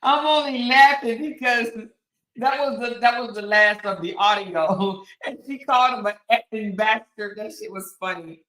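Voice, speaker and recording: A woman's voice: a little high, normal speed, fairly bright tone, roomy sound, low-quality recording. A woman hosting a casual live stream, chatting with viewers in an exclamatory way. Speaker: commentary host reviewing court recordings.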